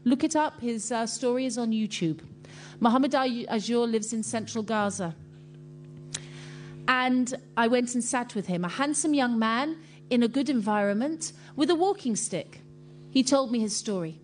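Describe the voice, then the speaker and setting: A woman giving an impassioned religious talk to a congregation, telling stories earnestly and emotionally with many pauses. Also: fairly high pitch, slight background noise. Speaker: speaker addressing a Muslim congregation.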